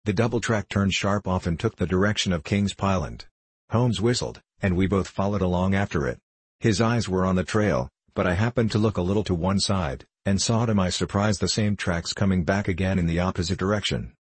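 A man narrating a classic detective story as an audiobook reader, telling it in a steady, even way. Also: sits low, fairly quick, slightly rough, no echo.

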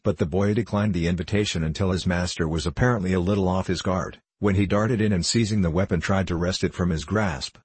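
A man narrating a classic novel as an audiobook in a measured storytelling delivery. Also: sits low, steady tone, a little mellow, breathy edge, dry recording. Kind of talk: scripted narration.

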